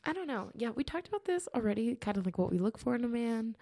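Casting: young woman, casual chatty talk, gravelly fry, mellow tone. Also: fairly high pitch, big pitch swings, fast talker. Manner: chatty, hedging with "like". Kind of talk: casual chat.

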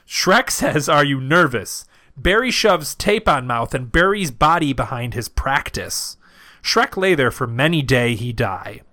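A man's voice: mid-range voice, very animated, slow pace, bright, forceful tone. A man co-hosting a comedy podcast, reading a silly story aloud word for word and often cracking up. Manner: reads verbatim, often cracking up. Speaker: podcast co-host, narrator of fan fiction.

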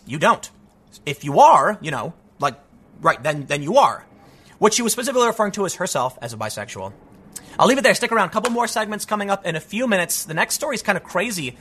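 A male host delivering solo commentary in a high, bright voice. His pitch leaps around constantly as he makes his points with emphatic energy. He drives each argument home hard. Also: slightly rough. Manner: emphatic, animated, acts out quoted voices.

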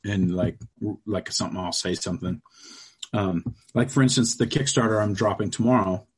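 A man's voice: on the low side, fairly even intonation, normal speed, slightly rough. A middle-aged man, a guest on a podcast, chatting casually in a loose, crude storytelling way. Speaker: guest, comic book creator.

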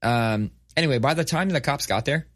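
A man's voice: mid-range voice, brisk, dry recording, clean studio sound. A man in his thirties telling a story in casual, profane conversation, acting out quotes as he goes. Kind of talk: casual chat.

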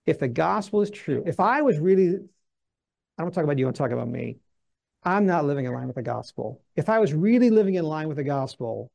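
Emphatic high-voiced male Bible teacher. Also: gravelly. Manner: emphatic, rhetorical questions, animated.

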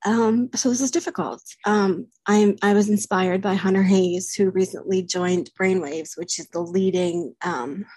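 Woman vlogger, husky and breathy, candid confessional to camera, dry close sound. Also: medium pitch, steady tone, darkish tone, no room sound. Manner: candid, halting, with frequent pauses and fillers. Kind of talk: personal confessional talk to camera.

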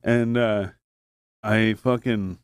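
A man's voice: fairly low pitch, fairly even intonation, clear, resonant tone. A man chatting casually on a podcast, telling rambling, profane stories and acting out what others said. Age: adult with a son. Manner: fast, rambling, swears a lot, acts out voices in anecdotes. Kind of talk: casual chat, storytelling.

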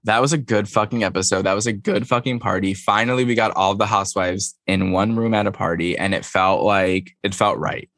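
A man co-hosting a podcast in casual chat, lively and swearing freely. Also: lowish voice, brisk, few pauses, dry recording, clean studio sound. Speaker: podcast co-host.

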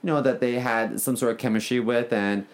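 A man's voice: mid-range voice, a little fast, crowd noise. A young man co-hosting a podcast, chatting casually and expressively about old memories. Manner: expressive, mimics a bossy dance coach. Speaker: podcast co-host. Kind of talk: casual chat.

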